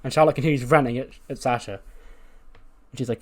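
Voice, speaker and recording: A man's voice: mid-range voice, fast talker. A man narrating a wrestling-management game playthrough in a loose, rambling way. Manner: loose, rambling, many "like"s and restarts. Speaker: let's-play creator.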